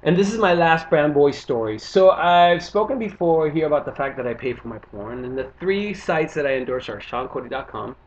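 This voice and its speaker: A man from Panama tells a stand-up story, acting out the people in it with lively energy. His voice sits slightly high. The recording is muffled and lo-fi. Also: normal speed, few pauses, slight background noise. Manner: animated, acts out other people's lines. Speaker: stand-up comedian.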